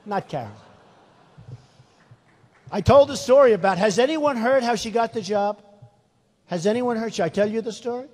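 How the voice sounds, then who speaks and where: A man's voice: high-pitched, normal speed, long pauses, darkish tone. A man in his sixties giving a rambling, repetitive, emphatic rally speech in a large venue. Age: 60s. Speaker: political candidate. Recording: reverberant hall.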